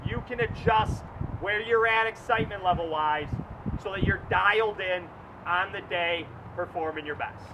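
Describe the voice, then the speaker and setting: A man, a track coach, tells a story as a lecture, talking loud and fast. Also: sits high, heavy background noise. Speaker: track coach giving a presentation.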